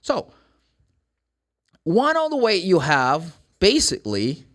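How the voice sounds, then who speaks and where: An English teacher, his voice sitting a bit higher than most men's and swinging widely in pitch. He drills phrases emphatically in a lively online lesson. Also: slow pace. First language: Portuguese. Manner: animated, emphatic, repeats example phrases.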